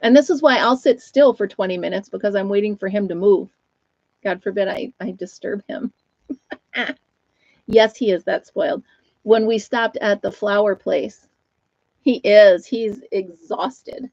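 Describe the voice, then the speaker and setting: A middle-aged woman with an Upstate New York accent hosts a livestream, chatting casually with viewers and talking to her dog, laughing often. Her voice is medium-pitched and darkish, her pace measured. The recording is dry and muffled, from a home mic.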